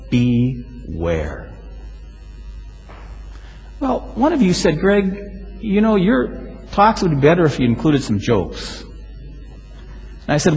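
A male pastor preaching a sermon, telling stories with lively swings and sudden loud exclamations. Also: a little high. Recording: hall reverb.

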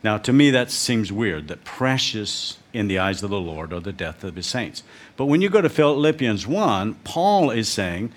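A man's voice: fairly low pitch, sing-song, moderate pace. A man preaching a sermon as a visiting missionary, telling stories with emphasis. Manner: storytelling, emphatic.

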